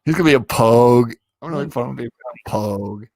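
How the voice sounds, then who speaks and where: A man's voice: mid-range voice, fast, darkish tone. A man hosting a casual chat with friends, crude and teasing, who laughs a lot and acts out mocking voices. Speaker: streamer host.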